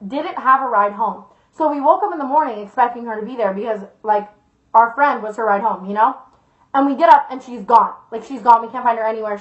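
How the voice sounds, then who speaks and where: High-voiced young woman telling a dramatic story. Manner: dramatic, profane, filler-heavy storytelling. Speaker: YouTuber. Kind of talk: storytime vlog. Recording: echoey lo-fi room sound.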